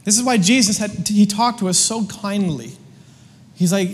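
Pastor, male, high-pitched, chatty and jokey, preaching in a reverberant hall. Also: a little slow, a little hiss or hum. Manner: casual, joking, slangy preaching with lots of restarts. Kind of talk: sermon.

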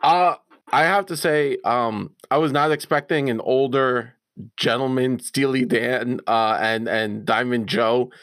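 A man who played in the game, chatting afterward and retelling moments with animated energy. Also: mid-range voice, unhurried, no room sound. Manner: animated storytelling, rising when excited. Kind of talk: casual post-game chat.

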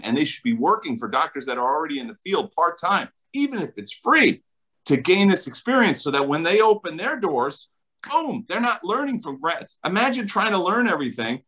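Middle-aged New Jersey man, emphatic and enthusiastic interview guest, bright lively delivery. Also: fairly high pitch, low-quality recording. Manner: enthusiastic, emphatic, laughs often. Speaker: chiropractor guest. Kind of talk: animated interview talk.

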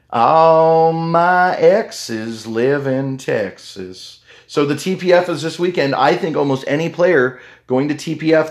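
A man hosting a solo podcast in a casual, rambling way, with lots of fillers and restarts. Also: medium pitch. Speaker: podcast host.

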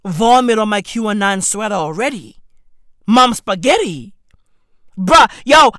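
Shouty swearing man. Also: high voice, expressive, unhurried, dry recording. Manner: loud swearing slang-heavy, jumps to shouts. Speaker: comedic ranter. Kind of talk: profane comedic rant.

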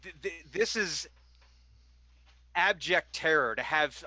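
A man running a tabletop game, narrating the scene in loose, rambling bursts with plenty of filler words. His voice sits a little high and comes across bright and forceful. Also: animated, slow, no room sound. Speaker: game master.

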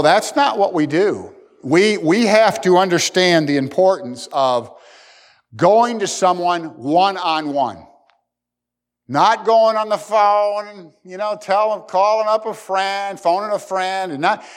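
Earnest preaching man in a reverberant hall. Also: fairly high pitch. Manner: earnest preaching, acts out quoted speakers. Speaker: pastor. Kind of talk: sermon.

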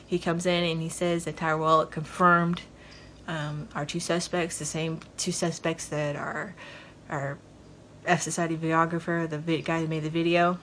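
Low-voiced woman recapping a TV episode. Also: level tone, normal speed, fairly bright tone, slight background noise. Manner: rambling, retells scenes with lots of fillers. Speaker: podcast host.

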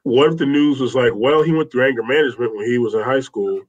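A man's voice: medium pitch, fast talker. A man talking as an interview guest, telling personal stories in an earnest, rambling way with many restarts. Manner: heartfelt, rambling with restarts, says "man" often. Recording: slightly dull lo-fi sound.

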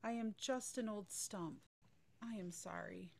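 Gentle, selfless storybook tree, read by a woman, tender and unhurried. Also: medium pitch, vocal fry. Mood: sorrowful.

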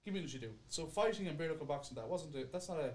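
A man with an Irish accent, explaining things in a casual podcast chat, talking quickly and swearing freely. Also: fairly high pitch, animated. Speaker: podcast guest.

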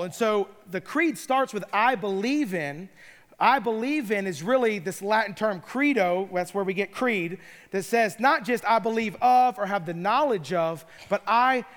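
High-voiced pastor in a reverberant hall. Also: male voice, fairly bright tone. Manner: storytelling with playful asides. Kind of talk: sermon.

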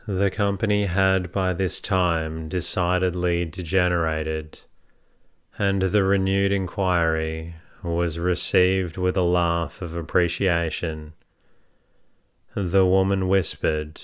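A man reads a classic novel aloud in scripted narration. His voice is deep and exceptionally clear. He keeps an unhurried, measured pace. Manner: measured, even storytelling. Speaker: audiobook narrator.

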